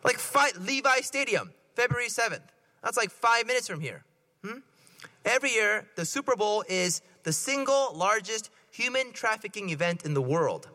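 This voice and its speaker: A man's voice: high-pitched, animated, moderate pace, pushed and bright. A man, a priest, giving a playful sermon and quizzing the congregation with jokes. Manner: playful, joking and asking the congregation questions. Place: church. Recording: long hall reverb.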